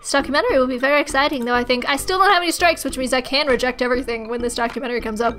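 A woman's voice: high-pitched, rapid-fire, hardly any pauses, a bit bright, soft background music. A young adult woman doing playful, sarcastic commentary while playing a game. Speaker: gamer. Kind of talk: let's play commentary.

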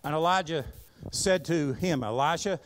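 A man's voice: on the high side, unhurried. A man preaching a sermon, reading scripture aloud and breaking off into folksy asides to the congregation. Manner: animated preaching, reads scripture aloud and asks the congregation to repeat words; folksy Southern-flavored asides. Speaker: pastor. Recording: live church service recording.

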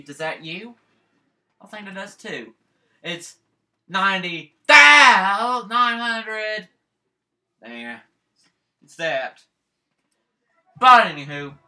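A man's voice: fairly high pitch, bright, forceful tone. A man doing let's play commentary, rambling and talking to himself while he plays. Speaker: gaming channel host.

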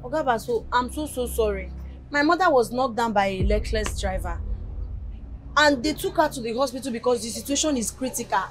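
A woman's voice: fairly high pitch, expressive, a little fast, over music, lightly acted. An actress with a Nigerian accent playing a desperate young shop worker begging her boss. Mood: pleading. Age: young adult. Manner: pleading, begging.

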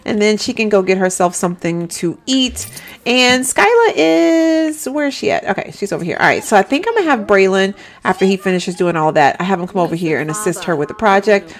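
Woman, game commentary, chatty, giggly, animated pitch, addresses viewers. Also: a little fast. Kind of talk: let's-play commentary.

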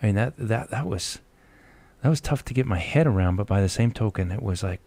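A man's voice: fairly low pitch, animated, brisk, gravelly, mellow, no echo. A man hosting a radio talk show, speaking in a reflective, affirming way with his guest.

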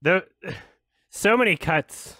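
In a casual reaction video, a man with a high voice speaks slowly, laughing often and swearing. Quieter musings alternate with loud, excited outbursts.

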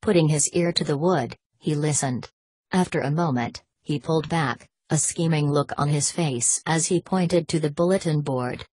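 A woman reads an audiobook in a measured, steady way. Her voice is low and husky, and the recording is dry and close with no room sound. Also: dry recording. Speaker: audiobook narrator. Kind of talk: audiobook narration.

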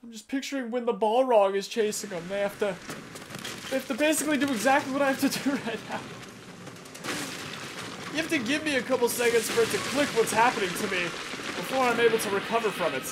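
A gamer narrating a first-look playthrough, excitable and jokey, yelping and swearing at every scare. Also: medium pitch, a little fast, noisy background. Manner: jokey running banter with the viewer. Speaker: gameplay commentator. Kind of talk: let's-play commentary. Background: game music.

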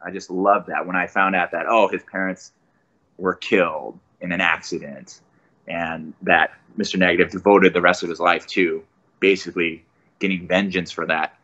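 A man's voice: low-pitched, normal speed, muffled recording. A man, a voice actor guest, talking enthusiastically in a casual podcast interview. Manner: enthusiastic, animated storyteller.

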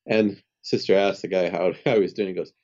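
On an interview podcast, a spiritual healer in his fifties recounts his story at a fairly quick clip. His voice is very low, mellow and dark; he's lively and chatty, mimicking characters' dialogue and laughing a lot. The recording sounds a bit dull and lo-fi.

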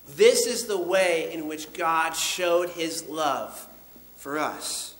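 A man teaching the Bible as a preacher, speaking earnestly and emphatically, slowing down on key lines. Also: on the high side, fairly bright tone, reverberant, poor audio.

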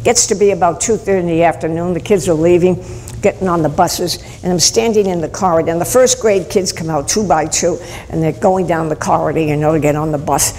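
A woman with a lowish, gravelly voice preaches through stories, lively and emphatic. The sound is a hall recording with a long reverb tail. Faint room noise sits behind her. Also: brisk. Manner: animated storyteller, bursts of emphasis. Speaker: Catholic nun giving a talk at a school. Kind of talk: storytelling sermon.

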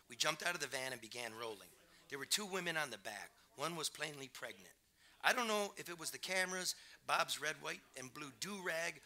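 A middle-aged male author reading from his book on stage with a brash, profane, rapid-fire storytelling manner. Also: medium pitch, sharp tone. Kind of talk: live reading and talk. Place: festival stage before an audience.

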